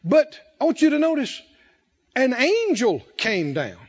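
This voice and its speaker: A man preaching a sermon, drawing the congregation in with questions and emphatic, drawn-out phrases. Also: very high-pitched, wildly swooping pitch, slightly rough, highs cut off. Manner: call-and-response preaching, rising and falling emphasis, drawn-out phrases.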